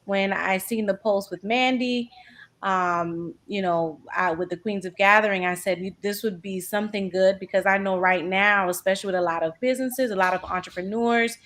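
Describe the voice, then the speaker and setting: A woman talks as a grant consultant on a panel. Her delivery is relaxed and conversational, full of fillers, at a middle pitch. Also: normal speed. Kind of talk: casual interview talk.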